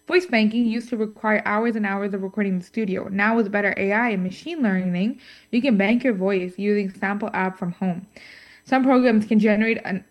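A woman co-hosts a scripted podcast segment, reading her lines in a middle-pitched voice. She stumbles now and then, fills pauses with ums and drops in playful asides. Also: a little mellow. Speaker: co-host. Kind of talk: scripted podcast chat on voice technology.

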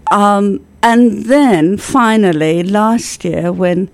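A middle-aged woman tells anecdotes with theatrical flair and self-mocking humor. She speaks at a leisurely, drawn-out pace, and her voice sits close and dry with no room around it. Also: medium pitch, no room sound. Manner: theatrical, self-deprecating storyteller. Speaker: theater producer and actor, guest. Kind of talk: casual interview chat.

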